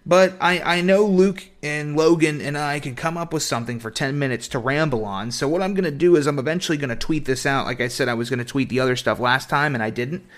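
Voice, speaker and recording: A man with a slightly high voice hosts a podcast, rambling loosely and swearing in casual banter with his co-hosts. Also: fast, hardly any pauses, fairly bright tone. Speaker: podcast host. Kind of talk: casual chat.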